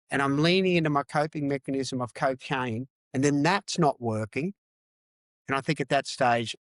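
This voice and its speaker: This Australian podcast guest, a former rugby player in his fifties, speaks in a mid-range voice with a fairly bright tone on a dry recording. His personal storytelling is candid and unvarnished, with words repeated for emphasis.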